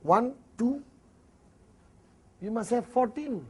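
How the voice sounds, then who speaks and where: A man's voice: very high voice, lively intonation, takes it slowly, dark tone, slightly rough. A man with a Malaysian English accent giving a motivational network marketing seminar, acting out little dialogues and often laughing.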